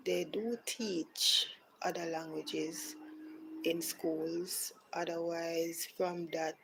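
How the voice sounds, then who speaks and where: A Jamaican woman talks through a live podcast in a relaxed, casual way, taking her time over each phrase. Her voice sits a little low, and now and then she drops to a soft near-whisper. A faint hiss sits under the recording. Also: low-quality recording. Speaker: podcast host.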